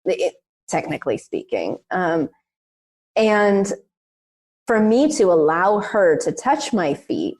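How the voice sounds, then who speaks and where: Animated woman telling a personal story. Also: lowish voice, takes it slowly, pauses often. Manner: animated, emphatic, frequent "like" and "um". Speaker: podcast co-host. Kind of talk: personal storytelling in casual conversation.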